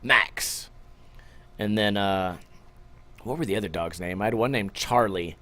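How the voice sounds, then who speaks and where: A man's voice: on the low side, normal speed. A man hosting a podcast alone, rambling casually and joking with a lot of swearing, short on sleep. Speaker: podcast host. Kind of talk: casual solo podcast chat.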